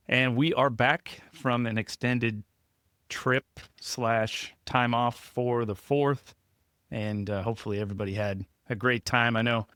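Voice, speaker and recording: A man's voice: medium pitch, pushed and bright, clear, resonant tone, dry recording, studio quality. Chatty laughing man hosting a podcast. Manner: chatty, self-deprecating, laughs often. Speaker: podcast host. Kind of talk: casual podcast chat.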